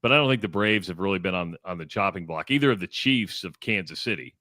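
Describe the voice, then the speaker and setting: A man's voice: sits low, expressive, quick pace, pushed and bright, no room sound, clean studio sound. A man co-hosting a radio sports talk show in casual banter, opinionated and emphatic. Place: radio studio.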